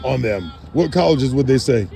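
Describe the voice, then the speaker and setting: A man's voice: medium pitch, lively intonation, normal speed, gravelly, dark tone, slight background noise. A man playfully interviewing people at an outdoor football practice, teasing and hyping them up. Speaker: sideline interviewer. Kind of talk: casual sideline interview.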